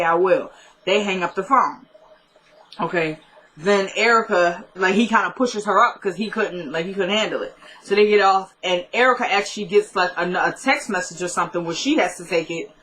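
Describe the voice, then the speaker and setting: A young woman talks through a TV drama episode in an easy, chatty recap. She quotes the characters back and forth at a mid-range pitch and slips in joking asides. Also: fairly bright tone, rough recording.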